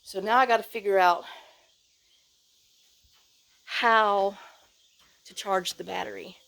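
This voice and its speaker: A woman's voice: medium pitch, fairly even intonation, slow pace, creaky, fairly bright tone. A middle-aged woman, chatting casually to camera outdoors, worn out from work in the heat, sighing and rambling with lots of fillers. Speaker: vlogger. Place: outdoors on rural property.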